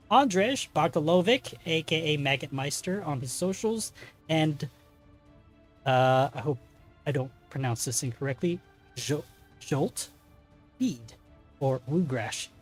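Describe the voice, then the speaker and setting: A slightly higher-pitched man running a tabletop game stream, rambling through thank-yous and plans in a loose, chatty way. He stumbles over names, corrects himself and fills gaps with lots of "uh" and "um". Soft music plays faintly behind him. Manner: rambling, chatty, many fillers and self-corrections. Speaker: game master and stream host. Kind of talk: casual stream announcements.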